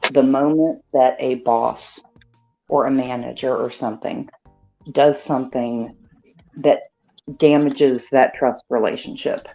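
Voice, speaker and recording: A man speaking as a guest in a casual chat, measured and reflective, often repeating himself. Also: medium pitch, gravelly, a little mellow, muffled recording.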